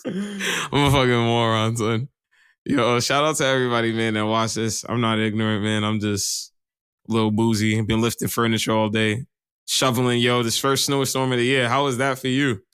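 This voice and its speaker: A man's voice: mid-range voice, level tone, moderate pace, a bit bright, clean tone, no echo, studio quality. A man co-hosting a podcast in casual, rambling chat, swearing and laughing often. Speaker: podcast co-host.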